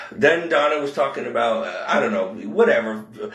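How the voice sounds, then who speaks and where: A man venting about caring for an elderly woman, rambling in frustration, with quick rushes and slow, heavy emphasis. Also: mid-range voice, lively intonation, fairly bright tone, reverberant. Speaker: caregiver telling his story. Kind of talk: emotional personal vlog rant.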